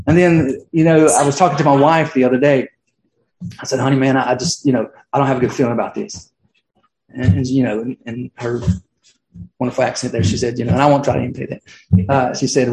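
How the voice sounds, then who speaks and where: A man's voice: medium pitch, fairly even intonation, fast, darkish tone. A middle-aged man preaching a sermon as pastor, casual and conversational, full of fillers and restarts. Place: church sanctuary. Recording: roomy church echo.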